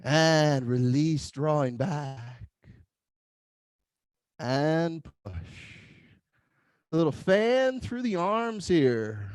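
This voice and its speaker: A man leading an online tai chi class, giving calm movement cues with playful whoops. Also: fairly high pitch, drawn-out words, pauses often, clean tone, dry recording, studio quality. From Philadelphia area.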